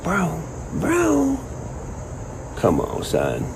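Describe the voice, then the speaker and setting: A man with a drawl rants in a loose, profane, rambling way, and he keeps slipping into mocking voices. His voice sits a bit high for a man. Faint crickets chirp in the night air around him. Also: very slow, gravelly, slight background noise, rough recording. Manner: profane, rambling, animated, quotes people in mock voices. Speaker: online commentator. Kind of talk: casual rant to camera.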